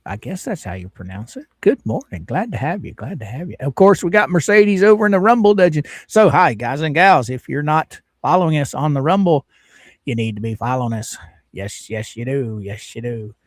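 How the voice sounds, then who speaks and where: A folksy man hosting a casual livestream. His voice swings up and down a lot in pitch, sitting a bit high for a man. The sound is dry and close, with no room echo. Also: animated, a little fast. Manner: folksy, greets viewers by name. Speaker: livestream host.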